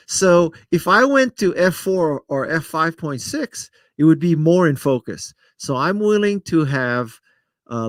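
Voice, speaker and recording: A man's voice: fairly high pitch, fairly bright tone, dry recording. Middle-aged guy rambling on his live stream, jokey and self-deprecating, dry close mic. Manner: rambling, self-deprecating, talks straight to viewers by name. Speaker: host of a live stream answering viewer comments. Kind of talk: casual live-stream chat. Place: home studio setup in front of a camera.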